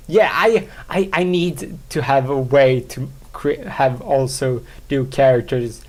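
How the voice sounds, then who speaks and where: A man hosting a solo podcast, talking in a rambling, halting way, full of fillers, restarts and self-mocking asides. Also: mid-range voice, a little mellow. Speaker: podcast host.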